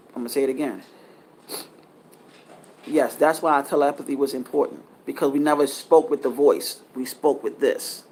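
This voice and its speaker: A man with a fairly high voice delivers a casual spiritual talk. He lectures earnestly, rambles and circles back to restart his sentences, with a faint hiss in the background. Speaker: spiritual teacher.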